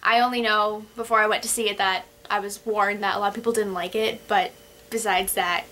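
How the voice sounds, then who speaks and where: Bright-voiced young woman chatting giggly. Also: medium pitch, fairly even intonation, fairly quick. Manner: chatty, giggly, restarts often. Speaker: book vlogger. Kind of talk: casual chat.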